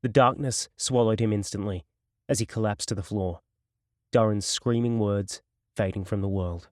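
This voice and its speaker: A man narrating a crime novel audiobook in a steady, measured storytelling voice. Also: on the low side, no echo, clean studio sound.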